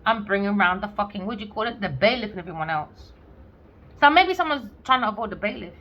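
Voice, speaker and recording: A woman's voice: mid-range voice, animated, fast, sharp tone. A woman giving a casual tarot reading, blunt and sarcastic, swearing freely and acting out lines of imagined dialogue. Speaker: tarot reader. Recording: slightly dull lo-fi audio with faint background noise.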